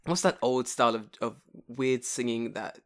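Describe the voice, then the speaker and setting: A man's voice: medium pitch, normal speed. Brief: young male host, loose banter, swears freely, always joking. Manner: profane, joking, laughs often. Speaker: podcast host. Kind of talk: casual chat.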